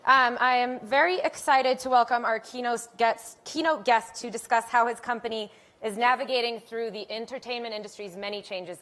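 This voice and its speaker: A woman's voice: a little high, moderate pace, fairly bright tone. A woman hosting an onstage conference interview, chatty and upbeat, with frequent "um" fillers. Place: conference stage.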